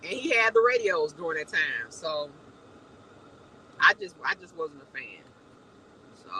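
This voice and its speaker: Woman, live-stream host, chatty, talks back to viewer comments, very animated pitch. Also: measured pace, pauses often, husky, rough recording. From Chicago.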